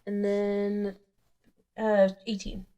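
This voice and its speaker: A woman player making quick, casual remarks during a tabletop game. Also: medium pitch, completely flat delivery, dark tone.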